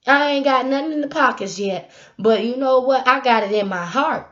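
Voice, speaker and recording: A young woman, giving a casual motivational talk to her camera, animated and laughing, with sudden loud bursts. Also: high-pitched, normal speed. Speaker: YouTube vlogger. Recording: dull lo-fi sound.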